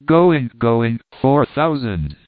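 A man's voice: mid-range voice, sing-song, very slow, no echo. A man voicing a persuasive auctioneer calling out bids. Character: auctioneer, male, pleading and persuasive. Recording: thin phone-like dry sound.

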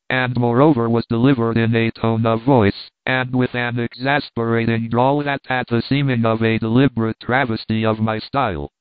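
A man's voice: medium pitch, clear, resonant tone, dry recording. Man reading a story, tinny sound. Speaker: narrator. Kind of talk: audiobook reading.

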